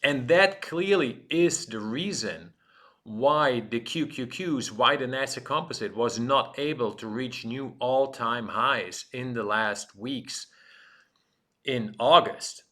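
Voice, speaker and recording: A man's voice: mid-range voice, measured pace, a bit bright. A man hosting a trading show, talking through market charts in an urgent, emphatic way with dramatic build-ups. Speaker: show host and head of trading. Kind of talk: energetic market commentary.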